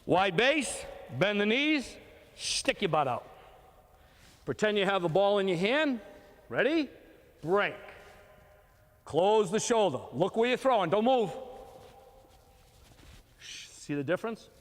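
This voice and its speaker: An older man, a youth baseball coach, leads young kids through a throwing drill with short, encouraging commands he repeats. His high voice swings widely in pitch, and he talks slowly with frequent pauses, while a hall adds long reverb.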